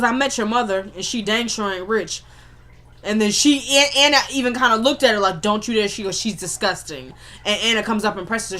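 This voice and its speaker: A woman's voice: medium pitch, a bit bright. A woman casually recapping a TV drama episode, retelling scenes and acting out the characters' lines in a chatty way. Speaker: TV recap vlogger.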